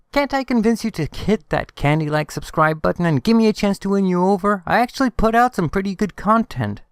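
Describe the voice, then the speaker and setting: A man's voice: on the high side, clear, resonant tone, dry recording, clean studio sound. A man hosting his own channel, delivering an angry, emphatic rant and urging viewers to act. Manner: emphatic, exhorting, repeats calls to action. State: furious. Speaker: channel host. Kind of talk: angry political rant to camera.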